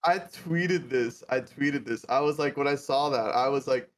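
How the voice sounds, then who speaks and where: A man's voice: medium pitch, moderate pace. A man co-hosting a casual gaming podcast, telling jokey stories and laughing. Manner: laughing, storytelling with playful put-on voices. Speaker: podcast co-host.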